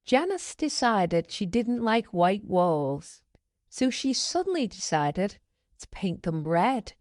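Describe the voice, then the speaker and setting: Woman voicing lesson examples, slow and lively, dry close sound. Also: medium pitch, dry recording. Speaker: example sentence reader. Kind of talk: scripted example readings.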